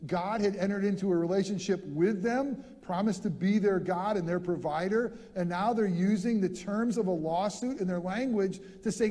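A male pastor preaching an animated sermon in a church, repeating words as he gets fired up. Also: high voice, normal speed, in a large hall.

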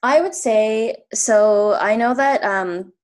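A woman's voice: on the high side, slow. A woman from Canada in her thirties telling a travel story in a chatty, casual way, full of fillers and little laughs. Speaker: guest.

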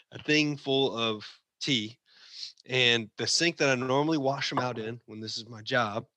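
A man's voice: sharp tone, no echo. A young man on a podcast telling a work story in casual chat, laughing as he acts out the quotes. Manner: laughs through his story, acts out quotes in high voices. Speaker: podcast co-host.

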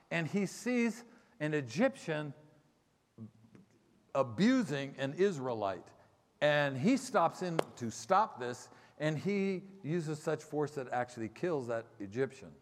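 Pastor guy preaching, fairly high voice, keeps saying okay, big echoey church hall. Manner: animated storytelling, acts out quoted voices, checks in with "okay?". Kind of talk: sermon. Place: church sanctuary. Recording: long hall reverb.

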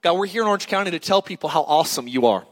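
A man's voice: on the high side, very fast. A man preaching a sermon to a congregation, reading scripture and prompting the crowd to repeat words back. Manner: lively preaching with call-and-response to the congregation. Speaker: pastor. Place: church auditorium. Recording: long reverb of a large church hall.

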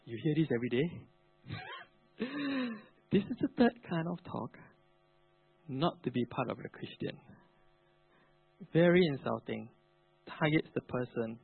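A man's voice: on the high side, huge pitch swings, measured pace, creaky, pauses often, breathy edge, no echo. A male pastor preaching a sermon, emphatic with colloquial asides. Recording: narrow phone-like, dry.

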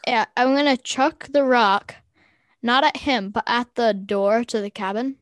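A playful woman playing a tabletop game, chatting and joking with the game master. Her voice sits a little high for a woman and is recorded dry and close. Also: a little slow, dry recording. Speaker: player.

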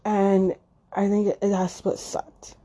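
A middle-aged woman talking unscripted and emotionally, halting with many fillers and restarts, choked up and near tears. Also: mid-range voice, monotone, warm tone. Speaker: podcast host. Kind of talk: unscripted personal monologue.

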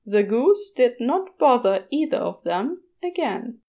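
A woman narrating a short story at an unhurried pace, her voice sitting a little high. Her intonation rises and falls expressively as she tells it gently. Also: very animated. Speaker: fan fiction reader.

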